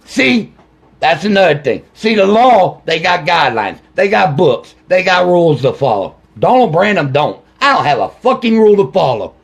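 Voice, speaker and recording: Gravelly, angry father ranting on camera. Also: sits high, big pitch swings, normal speed. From Ohio. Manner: angry, accusing, repetitive, swearing. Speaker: grieving father addressing officials. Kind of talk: angry direct-to-camera video rant.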